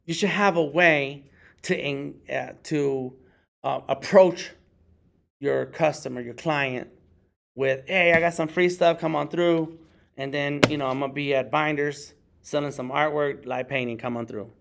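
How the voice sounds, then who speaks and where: A man's voice: unhurried, gravelly. A middle-aged man, a working artist, giving a casual workshop talk and acting out other people in jokey voices. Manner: conversational, acts out others in high jokey voices.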